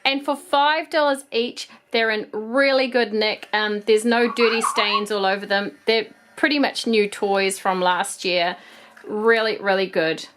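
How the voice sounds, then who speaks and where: A woman's voice: mid-range voice, fairly even intonation, measured pace, fairly bright tone, slight background noise. A woman in her thirties with a New Zealand accent, chatting casually and a bit ramblingly as she shows off toy finds. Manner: chatty, rambling, with frequent ums. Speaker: toy collector vlog host. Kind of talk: casual haul video chat.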